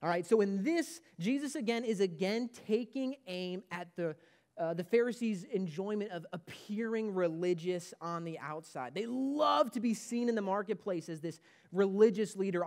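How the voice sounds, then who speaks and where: A man's voice: high voice, normal speed, darkish tone. A man preaching a sermon as pastor of a church, emphatic and repeating his key points.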